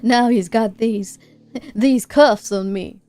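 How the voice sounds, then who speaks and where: A woman voicing an injured, groggy male pilot who talks in a halting drawl. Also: on the high side, a little mellow, no echo. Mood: weary. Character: injured, dazed male pilot, rough and weary.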